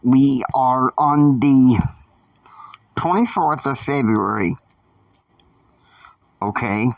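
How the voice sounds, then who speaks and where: Slow, rambling male storyteller. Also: mid-range voice, vocal fry, no echo, lo-fi sound. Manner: rambling, halting, with many fillers. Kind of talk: improvised saga narration. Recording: dry sound from a distant mic.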